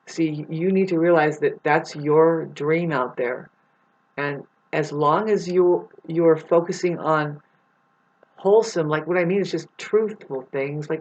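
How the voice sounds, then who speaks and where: A woman's voice: sits low, unhurried. Rambling woman on a lo-fi recording. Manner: rambling, profane, swings from soft to loud. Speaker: vlogger. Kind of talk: rambling spiritual monologue.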